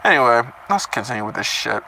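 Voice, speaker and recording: A man's voice: mid-range voice, expressive, moderate pace, sharp tone, a little hiss or hum, rough recording. A man reading a story chapter aloud and breaking off into casual, profane comments on it. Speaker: reader reacting to a novel chapter.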